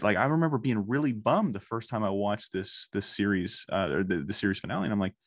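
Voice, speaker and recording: A man in his thirties, a guest gushing about a cartoon in casual chat, excitable and close to tears, swearing freely. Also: lowish voice, quick pace, few pauses, dry recording. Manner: emotional, swearing, excitable storytelling. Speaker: guest, fan of the show.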